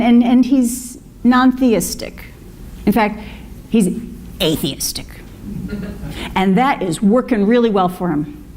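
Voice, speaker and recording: A woman's voice: on the high side, darkish tone, slight background noise. A woman minister giving a conversational sermon, with fillers and asides to the congregation. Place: congregation hall.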